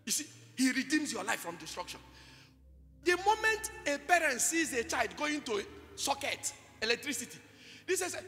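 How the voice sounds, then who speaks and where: High, gravelly Nigerian man preaching. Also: big pitch swings, moderate pace. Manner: call-and-response preaching, bursts of shouting. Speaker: pastor. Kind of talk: sermon. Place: large church conference hall. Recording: reverberant hall with music underneath.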